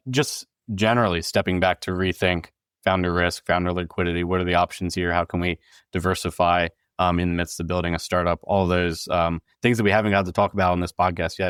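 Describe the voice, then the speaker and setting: A man hosting a podcast, talking in a relaxed, agreeable way with many fillers. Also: deep voice, clear, resonant tone, no echo, studio quality. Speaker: podcast host. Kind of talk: casual podcast conversation.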